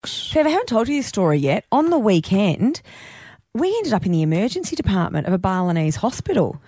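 A woman's voice: medium pitch, brisk, no echo, studio quality. A middle-aged woman, hosting a casual radio chat and telling a story with lots of drama. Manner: animated storyteller, dramatic retelling. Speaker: radio host.

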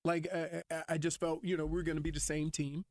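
A man's voice: a little high, little pitch movement, no room sound, clean studio sound. A man who once played college sports, co-hosting a radio show and speaking earnestly about his choices. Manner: earnest, reflective, quick to exclaim. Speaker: radio co-host, former college athlete. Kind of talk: casual radio banter.

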